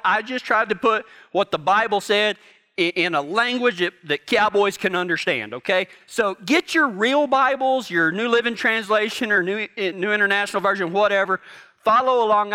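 A man's voice: high voice, moderate pace, bright, forceful tone. A middle-aged man preaching a sermon, telling folksy stories and joking with his congregation. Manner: folksy storytelling, jokes with the congregation. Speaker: pastor.

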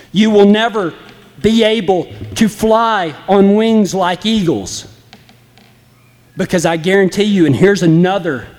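A man with a high voice delivers an impassioned, folksy sermon directly to the congregation, acting out flippant apologies. The sound has a big-room quality.

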